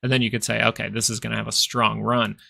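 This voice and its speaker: A man's voice: on the low side, little pitch movement, fast, gravelly, sharp tone. A man hosting a live stock market stream, talking casually and rambling as he thinks aloud over charts. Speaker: stock market livestream host.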